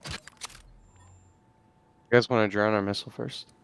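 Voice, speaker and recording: Man making quick game callouts. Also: fairly low pitch, little pitch movement, creaky, fairly bright tone, slight background noise. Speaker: student player. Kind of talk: casual gaming callouts.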